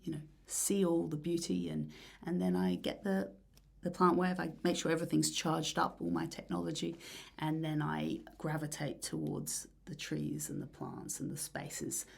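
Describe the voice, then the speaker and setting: Low husky woman, dreamy rambling talk. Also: moderate pace. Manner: rambling, dreamy, lots of fillers and soft breathy asides. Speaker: musician guest. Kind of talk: casual interview chat.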